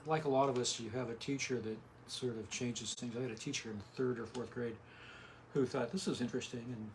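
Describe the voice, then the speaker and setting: Soft-spoken older man, mid-pitched. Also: fairly even intonation, a little fast, slight background noise. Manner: soft-spoken, trails off and restarts. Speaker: artist guest. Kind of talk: casual interview. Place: small home studio in a condo bedroom.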